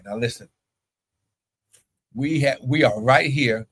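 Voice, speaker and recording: Male pastor, fervent preaching with bursts of shouted praise, mid-pitched voice. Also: takes it slowly, long pauses, breathy edge, low-quality recording. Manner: preaching with sudden loud cries and speaking in tongues. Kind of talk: livestream sermon with prayer.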